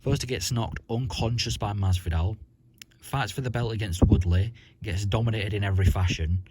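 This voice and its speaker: A man's voice: fairly low pitch, normal speed, heavy background noise. A man ranting about the sport in a blunt, profane, rambling vlog. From Britain. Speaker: vlogger.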